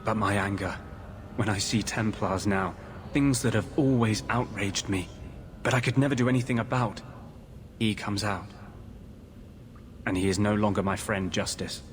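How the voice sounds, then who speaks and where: Man playing a haunted game mage, grave, intense, somewhat low voice, earnest. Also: normal speed, long pauses, a little hiss or hum, natural voice. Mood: grim. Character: brooding male mage haunted by a vengeful spirit. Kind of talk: video game dialogue.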